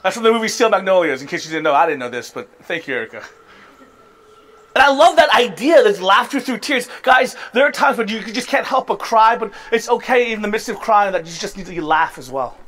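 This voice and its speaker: High-pitched guy preaching, chatty and emphatic, chuckles at himself sometimes. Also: lively intonation, brisk, bright, forceful tone. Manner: conversational, emphatic, laughs at himself. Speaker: pastor. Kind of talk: sermon. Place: church service.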